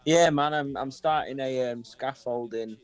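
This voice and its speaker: A man's voice: medium pitch, measured pace. A young man, a podcast guest giving brief, easygoing answers. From northern England. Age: 20s. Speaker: guest fighter.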